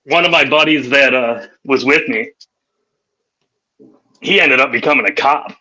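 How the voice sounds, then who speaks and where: A man's voice: mid-range voice, a little slow, pushed and bright, low-quality recording. A man hosting a podcast, telling profane, rowdy anecdotes in casual chat and laughing through them. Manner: laughs through his stories. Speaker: podcast host.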